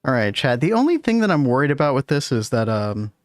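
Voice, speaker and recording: A man's voice: medium pitch, very animated, quick pace, dry recording, clean studio sound. A man hosting a casual game stream, thinking aloud and chuckling often.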